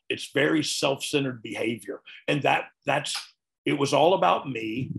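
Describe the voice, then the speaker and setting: A man in his fifties with a rough, gravelly edge. He speaks openly and earnestly in a folksy, conversational way, as a guest reflecting on his past. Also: medium pitch, a bit bright. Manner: earnest, folksy, frequent "you know what I mean". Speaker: guest, retired wrestler. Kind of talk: candid interview talk.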